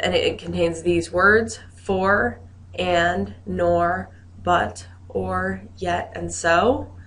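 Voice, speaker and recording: A woman's voice: on the low side, a bit bright. A woman teacher giving a recorded grammar lesson, explaining rules in a friendly way with joking asides.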